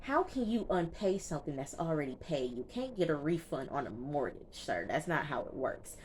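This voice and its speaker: A woman reviewer recapping a TV episode in a casual, slangy, chatty way, tossing in quick asides as she goes. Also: low voice, sing-song, a little hiss or hum. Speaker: TV show reviewer.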